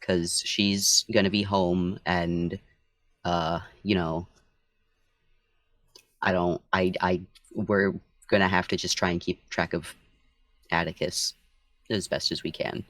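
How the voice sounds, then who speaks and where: A man playing in a tabletop game, speaking in a halting, hesitant way. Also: deep voice, little pitch movement, a bit bright, no echo. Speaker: player. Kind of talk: casual tabletop play.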